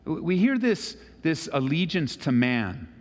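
Man, pastor, sermon, animated, lively pitch, long hall reverb. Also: measured pace. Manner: animated, acts out voices of Bible figures.

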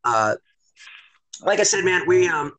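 A man's voice: high-pitched, expressive, measured pace, fairly bright tone, poor audio. A man hosting a podcast in casual chat, rambling and profane, with many fillers and restarts. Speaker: podcast host.

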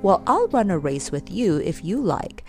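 Storybook role: woman doing a big kindly horse, gentle teasing tone. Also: mid-range voice, sing-song, moderate pace, soft background music, lightly acted. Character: strong big brown male horse, kindly.

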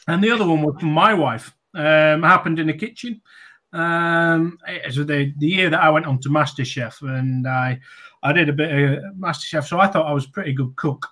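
A man's voice: fairly high pitch, steady tone, moderate pace, fairly bright tone. Chatty man telling cricket tour stories. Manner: chatty, laughing anecdotes with many ums and restarts. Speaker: guest, former cricketer. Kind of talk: casual interview storytelling.

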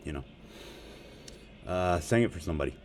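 A man's voice: low-pitched, lively intonation, fairly quick, slight background noise. A man rambling profanely and jokingly in a casual monologue to his audience. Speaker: vlogger.

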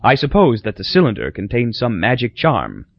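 A man reading a novel aloud as audiobook narrator, expressive and storytelling. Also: medium pitch, normal speed, vocal fry, husky, no room sound. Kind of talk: scripted narration. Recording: dull dry lo-fi recording.

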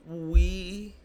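A man co-hosting a podcast in casual chat, playful and teasing as he hypes up listeners. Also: high voice. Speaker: podcast co-host.

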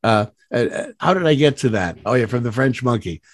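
Brisk and medium-pitched, a voice actor guest rattles through interview anecdotes, rambling with plenty of fillers and restarts. He stays animated and laughs at his own stories. There's no echo, just dry sound.

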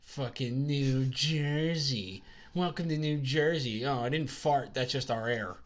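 A man's voice: medium pitch, moderate pace. A man co-hosting a podcast in casual chat, joking crudely and swearing often. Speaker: podcast co-host.

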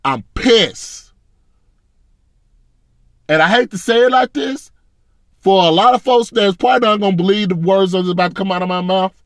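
A man's voice: high voice, moderate pace, pauses often, fairly bright tone, dry recording, clean studio sound. A man ranting as a fan, blunt and profane, in a casual, frustrated reaction. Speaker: sports fan commentator.

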